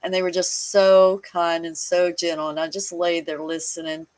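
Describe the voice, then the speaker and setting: Her voice sits on the low side and moves at a moderate pace as this woman, a guest, tells a personal hospital story in casual chat. She's lively, laughs a lot, and imitates the people she quotes, all captured on poor audio.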